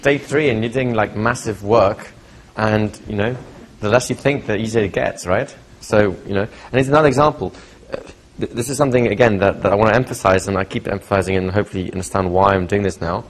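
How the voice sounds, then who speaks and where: Lively low-voiced male hypnosis trainer. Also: quick pace, a little hiss or hum. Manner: lively storytelling, acts out quotes. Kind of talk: live workshop Q&A teaching. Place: training seminar room.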